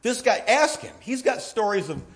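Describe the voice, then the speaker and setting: A middle-aged man preaching a sermon, telling rambling personal stories and swinging from hushed asides to excited emphasis. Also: extremely high pitch, normal speed. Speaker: pastor.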